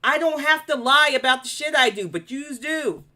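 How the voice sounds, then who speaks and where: A woman's voice: high-pitched, lively intonation, normal speed, sharp tone. A woman with a New York accent hosting a live commentary stream, blunt, profane and confrontational as she answers her chat. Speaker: commentary livestream host.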